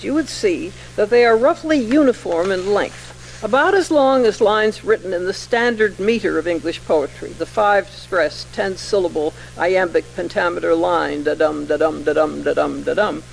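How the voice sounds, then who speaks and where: Older woman professor, measured and wry, gravelly voice, lecturing in a hall. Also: mid-range voice, a little hiss or hum. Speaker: English professor giving a lecture. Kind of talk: formal lecture with poetry read aloud.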